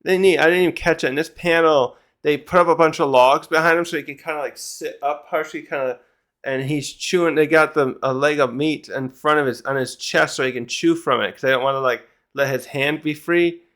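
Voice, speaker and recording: A man's voice: on the high side, fairly even intonation, brisk, fairly bright tone. A man with a slightly raised voice talks through a manga chapter in a loose, rambling way. He gets sidetracked, fills gaps with filler words and swears casually at small hitches. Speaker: manga reviewer.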